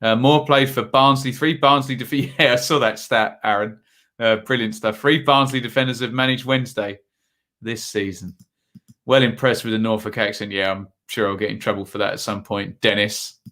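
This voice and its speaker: A man's voice: on the low side, fairly even intonation, moderate pace, fairly bright tone. A man hosting a live football watchalong stream, chatting casually and reading out viewer comments between match updates.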